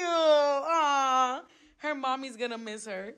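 Excitable high-voiced woman vlogger. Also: slow pace. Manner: excitable, loud, swears freely. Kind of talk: casual vlog chat.

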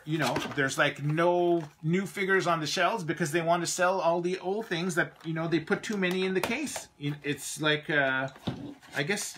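A man's voice: fairly high pitch, background noise. A Canadian man hosting a live toy review stream, chatting casually and rambling, often trailing off mid-thought.

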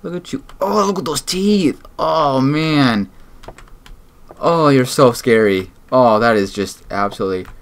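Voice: medium pitch, measured pace, creaky, fairly bright tone. A gamer giving let's-play commentary, jumpy, talking to themself and swearing often. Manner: jumpy, swears and talks to self. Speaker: gamer playing a horror game.

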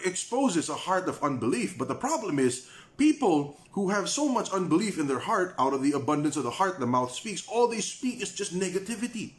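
A man with a Filipino accent teaching an online Bible study, repeating key phrases, mixing in Tagalog and asking the listeners rhetorical questions. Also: a little high.

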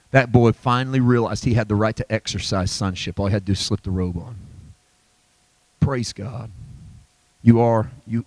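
A middle-aged man preaching a sermon in a church, swinging from shouted, high-pitched peaks to low, quiet reflection. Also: no echo. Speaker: pastor.

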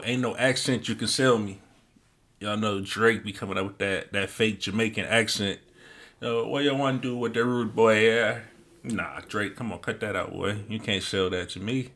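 A man hosting a music reaction video, excitedly repeating lyric lines and commenting on them in casual talk. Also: lowish voice, moderate pace.

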